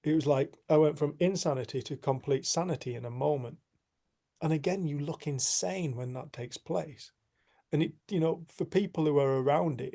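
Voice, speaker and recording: A man's voice: a little high, vocal fry, warm tone. A middle-aged man, telling a personal story casually to a discussion group and often laughing as he acts out what people said. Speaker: group facilitator.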